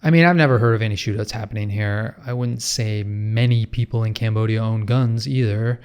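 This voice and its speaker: A man's voice: on the low side, a little fast, darkish tone, a little hiss or hum. A man from Canada with a Canadian accent, talking in a casual, chatty vlog style with sarcastic asides. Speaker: travel vlogger.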